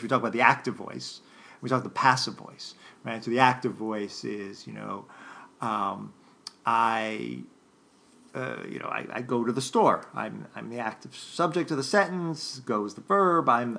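A man lectures in an unscripted, thinking-aloud way, stopping and restarting his sentences. His voice carries a gravelly fry at the bottom, and his pitch sits in an ordinary middle range. He keeps turning to the listeners with a quick "right?". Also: fairly bright tone. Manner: thoughtful, halting, many restarts and fillers; addresses listeners directly, often checking with "right?".

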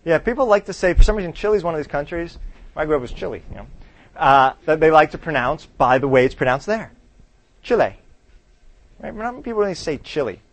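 A man's voice: on the high side, lively intonation, fast talker. A man teaching a class in a conversational lecture style. He quizzes the students and keeps checking in with "right?".

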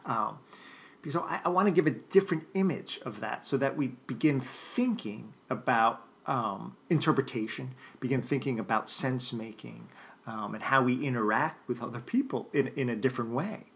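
A man's voice: medium pitch, vocal fry, fairly bright tone. A man giving an unscripted philosophy lecture, thinking aloud with frequent restarts and fillers and often checking in with his listeners. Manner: thoughtful, halting, many restarts and fillers; addresses listeners directly, often checking with "right?".

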